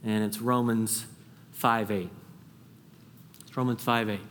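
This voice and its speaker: A man preaching a sermon as a pastor, earnest, climbing high and urgent when he presses a point and dropping to a hush when he voices a prayer. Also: steady tone, slow pace, pauses often, a little hiss or hum. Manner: drops to a soft hush when voicing a prayer. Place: church sanctuary. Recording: long hall reverb.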